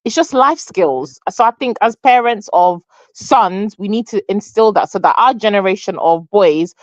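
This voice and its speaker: A woman's voice: medium pitch, animated, normal speed, no echo. A woman who is a parent of sons, speaking as a guest in a plain, matter-of-fact way. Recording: dull, dry lo-fi audio.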